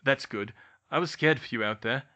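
A man's voice: medium pitch, moderate pace, sharp tone, lightly acted. A man doing a friendly teenage wizard boy.

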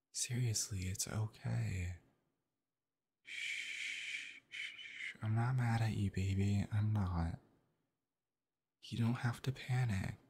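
A man in a whispered role-play as a boyfriend, talking softly and reassuringly, sometimes in an unvoiced whisper. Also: lowish voice, husky. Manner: soothing, gentle, reassuring; soft, partly unvoiced whispering.

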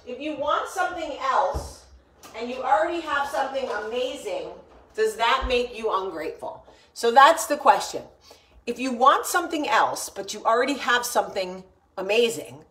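A woman's voice: on the high side, fairly bright tone, reverberant. A woman, hosting a casual chat to camera in a rambling, blunt, swearing way in her kitchen. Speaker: vlogger, show host.

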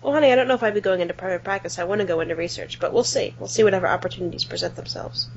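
A woman's voice: fairly low pitch, rapid-fire, vocal fry, a little hiss or hum. A woman co-hosting a podcast in casual chat, playful, jokey and affectionately teasing. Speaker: podcast co-host. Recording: slightly dull lo-fi audio.

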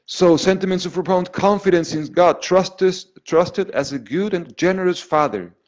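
An earnest priest with a high-sitting voice leads a spiritual lesson for an online group at a moderate pace. He restarts phrases often and checks in with "okay?" while alternating loud emphasis with soft, hushed delivery.

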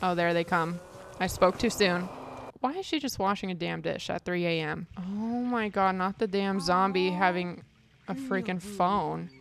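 A woman's voice: on the low side, unhurried, vocal fry, background noise. Chatty, exasperated woman streamer. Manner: chatty and exasperated, casual swearing. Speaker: gaming streamer. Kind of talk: casual gameplay commentary.

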